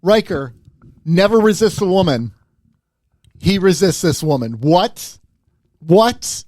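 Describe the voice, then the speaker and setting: A man's voice: high voice, expressive, a little slow, darkish tone, no echo, clean studio sound. A man co-hosting a podcast in casual chat, rambling with lots of restarts and self-deprecating asides. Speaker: podcast co-host.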